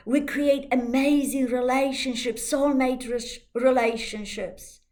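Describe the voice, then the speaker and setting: A woman life coach giving a motivational talk, slow and emphatic, soothing and repetitive, with slightly non-native English phrasing. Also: fairly high pitch.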